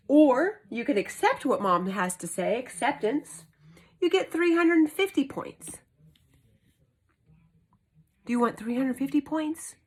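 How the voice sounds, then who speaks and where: A woman in her thirties, a homeschooling mother, telling a story to her camera at home in an earnest, emphatic, animated way. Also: on the high side. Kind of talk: casual vlog monologue. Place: indoors at home.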